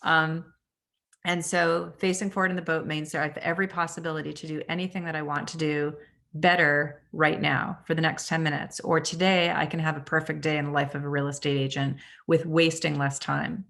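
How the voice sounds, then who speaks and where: A woman's voice: low voice, level tone, fairly quick, creaky, a bit bright. A woman with a Canadian accent, a real estate agent giving a casual training talk over a video call, chatty and asking the audience questions. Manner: conversational, asks the audience questions, frequent ums.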